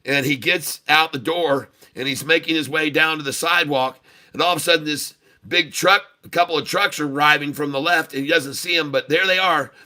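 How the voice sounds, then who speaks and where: A man's voice: on the high side, steady tone, fairly quick, sharp tone. A man hosting a trading livestream and telling a bawdy joke in a folksy, chuckling way. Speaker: day-trading livestream host.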